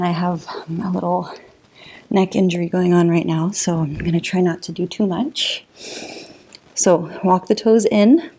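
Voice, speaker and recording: A woman's voice: medium pitch, gravelly. A woman leading a yoga class, counting down and cueing each pose, a little out of breath. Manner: counts down and cues poses calmly, with light laughs. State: slightly out of breath. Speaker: yoga instructor. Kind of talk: guided yoga class instruction.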